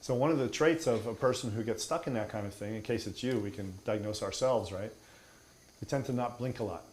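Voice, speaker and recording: A man's voice: fairly low pitch, brisk, a little mellow, slight background noise. A man teaching meditation in an emphatic, playful way, mixing in humor and mockery. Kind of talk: spoken teaching.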